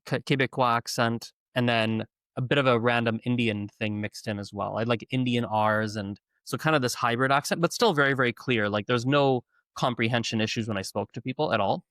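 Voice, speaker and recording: A man's voice: medium pitch, a little fast, no echo. Chatty man telling stories. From Canada. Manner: lively, self-correcting, chatty. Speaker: podcast guest. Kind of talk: conversational storytelling.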